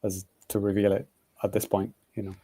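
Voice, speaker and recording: A man's voice: on the low side, little pitch movement, fairly quick, dark tone, husky. A man co-hosting a casual podcast chat, rambling and hedging as he explains things. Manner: rambling, hedges with "like". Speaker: podcast co-host.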